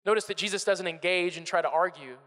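Guy preaching a casual sermon, high bright voice, keeps repeating words, big echoey church hall. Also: fast. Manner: conversational, animated, repeats words when starting phrases. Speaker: pastor.

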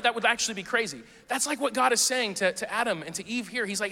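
A man preaching a sermon as pastor, conversational and playful, with quick asides to the congregation. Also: high-pitched, creaky, pushed and bright. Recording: long hall reverb.

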